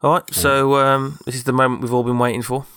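A man's voice: medium pitch, little pitch movement, fairly quick, fairly bright tone, clean tone, soft background music. A man, hosting a casual chat and telling a story in a rambling way, full of fillers. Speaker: podcast co-host.

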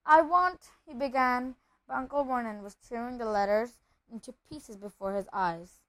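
A woman reading a children's novel aloud, steady and even, with occasional slips and restarts. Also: a little high, normal speed, no echo, poor audio. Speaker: reader.

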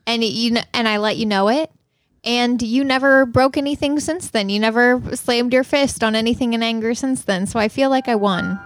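A woman's voice: fairly high pitch, moderate pace, dry recording. A woman co-hosting a casual podcast chat, teasing and blunt with her partner. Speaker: podcast co-host. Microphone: studio microphone with headphones.

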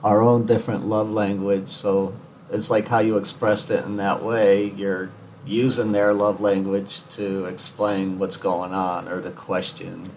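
A man hosting an interview, relaxed, asking loosely phrased questions and giving brief affirmations. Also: lowish voice, measured pace, a little hiss or hum, low-quality recording. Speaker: interview host. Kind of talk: casual interview.

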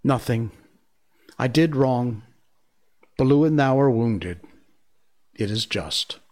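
Man doing a high-voiced jungle boy. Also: animated, takes it slowly, a little mellow. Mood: sorrowful. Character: seven-year-old boy raised by wolves, impulsive.

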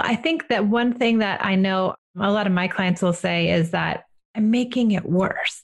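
A woman hosting a podcast, responding warmly to her guest and sharing her clients' worries in casual conversation. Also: mid-range voice.

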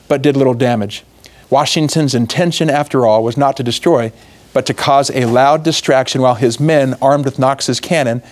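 Young male speaker, sermon-style history storytelling, lively asides. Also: medium pitch. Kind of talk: religious talk on history.

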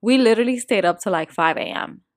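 A woman's voice: medium pitch, animated, quick pace, dry recording, studio quality. A young woman co-hosting a podcast, chatting in an easygoing, talkative way. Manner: easygoing, chatty, recommending things to listeners. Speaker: podcast co-host. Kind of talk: casual chat.

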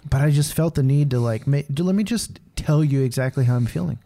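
A candid man talks through his thoughts on a podcast in a mellow, warm voice. He rambles and leans heavily on casual fillers. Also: mid-range voice, fast talker, creaky. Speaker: podcast co-host. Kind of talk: casual faith conversation.

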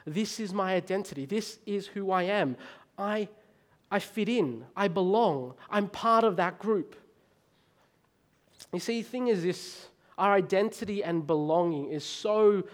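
An Australian man in his thirties delivers a sermon with a fairly high voice. He tells stories with energy and often stumbles and repeats his words. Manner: animated storytelling, stammers and repeats words. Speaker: preacher.

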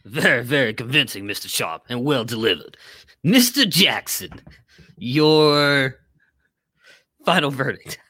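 A man doing a blustering mock judge with a put-on accent. His husky, sharp-edged voice swings wildly up and down in pitch. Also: very animated, a little slow, long pauses, exaggerated voice. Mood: pompous. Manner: theatrical accent, mock-judicial.

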